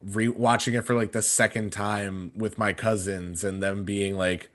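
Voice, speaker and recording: Rambling young man, slightly low voice. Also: little pitch movement, a little slow, fairly bright tone. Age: 20s. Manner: rambling, many fillers and restarts. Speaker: podcast panelist. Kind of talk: casual storytelling.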